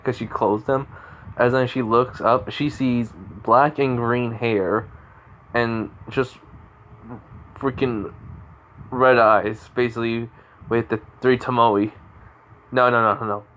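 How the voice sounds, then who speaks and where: A man's voice: medium pitch, fairly bright tone, slight background noise, low-quality recording. A man telling an improvised fan-fiction story in a rambling way, with frequent restarts and self-corrections.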